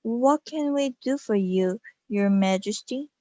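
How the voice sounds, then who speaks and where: A woman's voice: a little high, slow pace, warm tone, no echo, muffled recording. A woman doing a theatrical eerie psychic medium. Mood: dramatic. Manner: dramatic, eerie.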